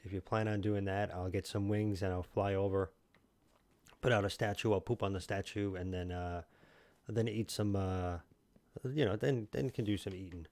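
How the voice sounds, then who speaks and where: A man's voice: deep voice, steady tone, moderate pace, a little mellow, no room sound. A man streaming a video game from home, joking and rambling as he chats with his viewers by name. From New York. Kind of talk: casual gaming stream chat.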